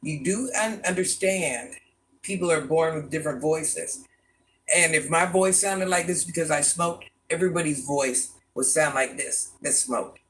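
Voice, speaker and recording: An older woman with a deep, gravelly voice, chatting bluntly with her live-stream viewers from a room in her home and calling them baby and hon. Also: a little slow, a little hiss or hum. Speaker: vlogger reading live chat. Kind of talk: casual live-stream chat.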